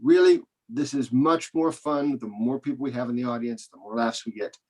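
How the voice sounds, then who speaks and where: A man closes out a comedy show over a video call, thanking the comics and promoting future shows. He rambles, hesitates and restarts his sentences, speaking at an ordinary pitch. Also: a little fast, darkish tone. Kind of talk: casual hosting, closing remarks.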